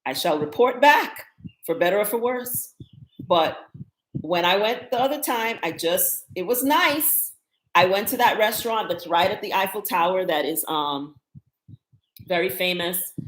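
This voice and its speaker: A woman in her fifties chatting casually in a live stream about her travels, telling stories in a wry, animated way. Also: mid-range voice, unhurried, echoey room, poor audio. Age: 50s. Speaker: travel vlogger.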